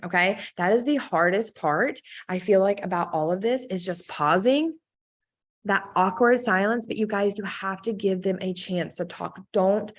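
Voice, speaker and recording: Woman sales coach, peppy and direct, middling pitch, keeps checking in, acts out sample lines. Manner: upbeat, direct, peppered with "okay?" and "right?" checks; acts out sample scripts with quick pitch swings. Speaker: network marketing team trainer. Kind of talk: coaching talk to a team.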